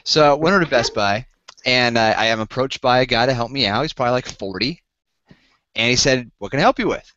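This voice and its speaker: A man hosting a podcast, telling a story and acting out both sides in an animated, incredulous way. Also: mid-range voice, a little fast. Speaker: podcast host. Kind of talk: casual storytelling chat. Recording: dull lo-fi podcast audio, dry.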